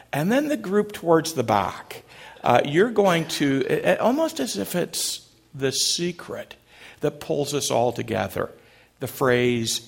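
A man's voice: on the high side, big pitch swings, takes it slowly, creaky. A man preaching a sermon to a congregation, in a conversational way with frequent "uh" fillers, questions to the room and light jokes. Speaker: pastor. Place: church service before a congregation.

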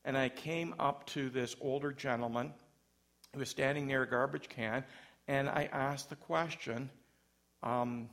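A man's voice: mid-range voice, steady tone, unhurried, creaky, fairly bright tone. A man preaching a sermon in church, conversational and self-deprecating, with light humor between points. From Canada.

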